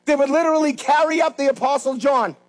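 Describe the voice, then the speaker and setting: A high-pitched, middle-aged man delivers a fervent sermon as a pastor. He swings between hushed, intimate appeals and loud, rising exhortations, and slips in self-mocking jokes between passages. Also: fast talker, low-quality recording. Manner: swings from quiet and intimate to loud, shouted emphasis; self-deprecating jokes between passionate preaching. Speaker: pastor of the church.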